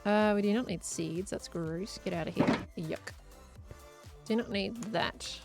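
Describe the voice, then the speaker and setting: A woman's voice: medium pitch, a little slow, vocal fry, over loud music. A young woman chatting casually while streaming a game, musing aloud and laughing often. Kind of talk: casual live-stream chat while gaming.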